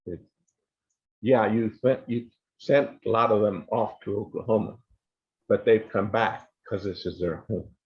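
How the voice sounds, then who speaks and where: Older male panelist, deliberate and low, recounting a story on a lo-fi broadcast. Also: fairly even intonation. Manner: slow, measured storytelling with quoted dialogue.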